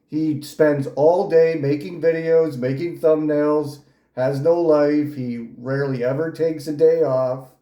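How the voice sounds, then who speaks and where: A man's voice: fairly high pitch, steady tone, unhurried, mellow, roomy sound. A man giving mocking reaction commentary, sneering and ridiculing someone as he talks. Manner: sneering, ridiculing, with frequent laughs.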